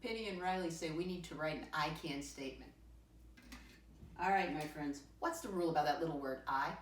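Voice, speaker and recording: A woman leads a first-grade lesson, her voice pitched a little low. She talks in a sing-song way and spells words out slowly, letter by letter. She sounds set back from the mic in a roomy, echoing space. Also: recorded from a distance, a little hiss or hum. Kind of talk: teaching a lesson to young children.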